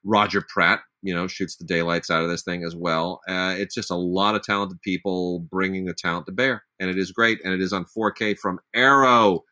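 Bright-toned low-voiced man talking movies. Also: fairly even intonation, normal speed, hardly any pauses. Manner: enthusiastic, knowledgeable, name-dropping. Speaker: podcast co-host. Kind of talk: casual film discussion.

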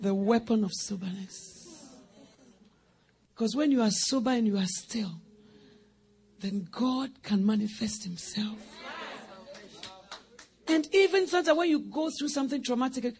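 High-voiced woman preaching dramatically. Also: lively intonation, unhurried, pauses often, a faint crowd. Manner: dramatic, acts out scenes, swings from shouts to hushed whispers; laughs often while preaching. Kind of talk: sermon.

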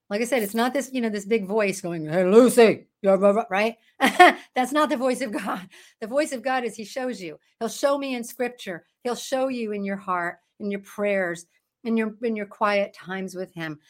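A woman hosting an online Bible study, preaching in a chatty, emphatic way into her phone. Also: on the high side. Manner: chatty and emphatic, breaks into laughs and mock voices. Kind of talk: casual preaching to camera.

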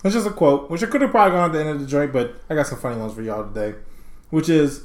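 A man's voice: on the high side, very fast, echoey room. A man co-hosting a casual podcast, playful, joking and laughing often. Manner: playful, laughs a lot, swearing freely. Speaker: podcast co-host. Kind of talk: casual chat.

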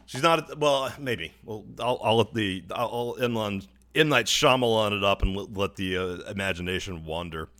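This young podcast co-host speaks in a lowish voice at a moderate pace, with hardly any pauses. His storytelling is casual, animated and full of profanity, and he voices the other characters' dialogue himself.

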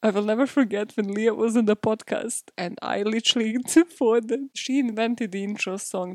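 A woman's voice: a little high, moderate pace, darkish tone, no room sound, studio quality. Chatty self-mocking woman podcast host. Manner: chatty, self-mocking, laughs often, swears freely. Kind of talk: casual true-crime podcast chat.

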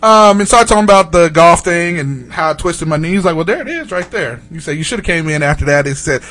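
A man telling a long story in a casual chat, animated and profane, laughing often and acting out the other people in it. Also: fairly high pitch, fast. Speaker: podcast host telling a story.

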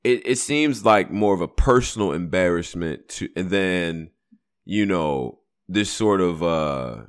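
A man talking on a casual podcast with heat and emphasis. He swears freely as he makes his points, and his pitch rises and falls in a lively way. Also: unhurried, clean tone. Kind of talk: casual chat.

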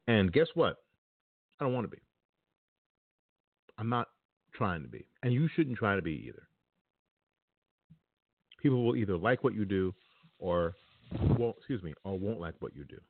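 A very low-pitched man talks straight to his audience in a blunt, opinionated, casual monologue. The sound comes through a tinny, phone-like line and is dry and close, with no room echo. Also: expressive, moderate pace, long pauses. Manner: blunt and opinionated, speaks directly to listeners. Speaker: podcast talk-show host.

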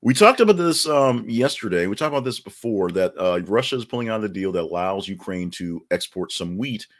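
A man's voice: on the low side, animated, brisk. A man hosting a daily news podcast, giving casual commentary with many fillers and joking asides.

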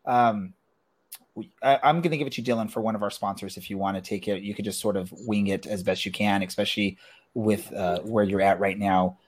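A man's voice: lowish voice, steady tone, a little fast. A man hosting a casual soccer podcast, talking in a loose, rambling way full of fillers. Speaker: podcast host.

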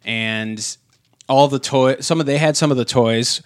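A man talking casually on a podcast, circling back and restarting his sentences with plenty of fillers. His voice sits at an ordinary pitch for a man. The close mic gives a dry, dead sound. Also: measured pace, no echo. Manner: rambling, many fillers and restarts. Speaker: podcast co-host. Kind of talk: casual chat.

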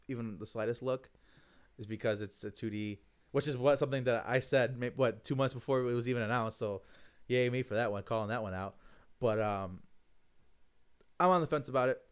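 A man co-hosting a casual podcast about fighting games, talking in a relaxed, hesitant way. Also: mid-range voice, smooth. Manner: relaxed, hesitant, many fillers and restarts. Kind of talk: casual gaming chat.

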